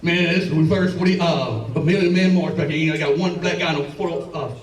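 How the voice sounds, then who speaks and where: A man's voice: on the high side, brisk. A man with a Southern Alabama accent doing a stand-up set, telling rambling, profane stories with lots of stammers and restarts. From Alabama and Tennessee. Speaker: stand-up comedian. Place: comedy club stage. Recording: roomy club sound from a distance.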